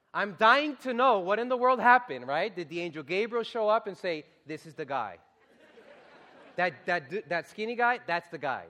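Animated high-voiced male preacher. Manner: animated, shifts from loud exhortation to hushed storytelling. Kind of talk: sermon with storytelling.

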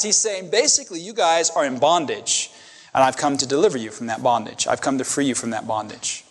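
A man's voice: mid-range voice, a little fast, in a large hall. A male pastor preaching a sermon to his congregation, emphatic, with rhetorical questions and repeated phrases. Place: church sanctuary.

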